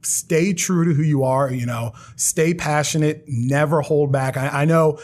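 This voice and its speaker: Energetic man guesting on a podcast. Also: on the high side. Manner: energetic, self-deprecating, talks in quick bursts. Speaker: podcast guest, marketing advisor. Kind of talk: casual podcast interview. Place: studio around a table.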